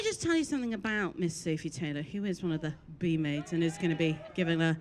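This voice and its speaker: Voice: medium pitch, expressive, fast, hardly any pauses, a faint crowd. A wedding master of ceremonies announcing the next speech in a theatrical, self-mocking way.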